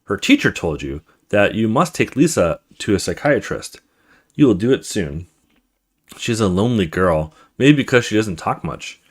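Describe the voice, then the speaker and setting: A young man hosting a let's play, reading a visual novel's text aloud with stumbles and quick asides. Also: fairly low pitch.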